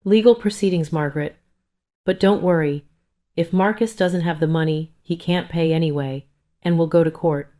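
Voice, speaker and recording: A woman reading the lines of a calm, businesslike male family lawyer. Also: fairly low pitch, close to an everyday voice. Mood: reassuring. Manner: measured, reassuring, businesslike.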